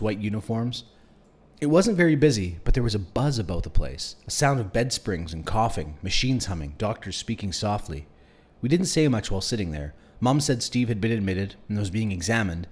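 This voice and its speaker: Guy reading a novel out loud, first person, low and really expressive. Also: husky. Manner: expressive, storytelling. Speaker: audiobook reader.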